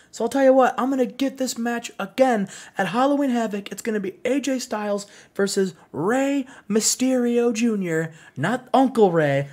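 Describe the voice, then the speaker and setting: A man voicing an earnest, indignant young male wrestler who calls out a cheating rival in a raised, quick voice. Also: very high voice, darkish tone, voice pushed up.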